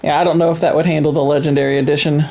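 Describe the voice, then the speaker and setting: Laid-back, mellow-voiced game streamer. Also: mid-range voice, flat delivery, racing, slight background noise. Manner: laid-back, laughs often, chatting with viewers. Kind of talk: casual let's play chat.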